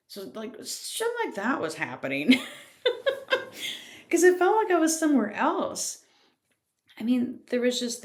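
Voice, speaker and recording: A woman's voice: deep voice, vocal fry. A woman hosting a podcast, telling her personal story in a candid, casual way, laughing often and swearing lightly. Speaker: podcast host. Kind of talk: reflective personal storytelling monologue.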